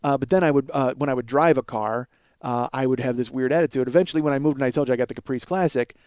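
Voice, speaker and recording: A man's voice: mid-range voice, fast talker, a little mellow, clear, resonant tone, no room sound. A middle-aged man from the Chicago area telling rambling, profane, self-mocking comic stories as a podcast host, acting out bits of dialogue. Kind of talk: comic storytelling monologue.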